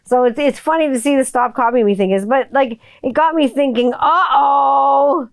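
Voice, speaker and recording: Brief: middle-aged woman host, rambling solo podcast, salty and animated, voice sits a bit high. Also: normal speed, creaky. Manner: chatty and profane, acts out quotes in a high kid voice. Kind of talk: casual solo podcast monologue.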